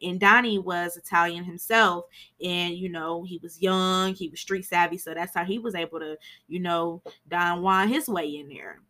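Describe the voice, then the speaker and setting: A woman's voice: on the low side, fairly even intonation, moderate pace, bright, forceful tone. A woman hosting a podcast, giving a chatty, frank film recap and swearing now and then for emphasis. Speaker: podcast host.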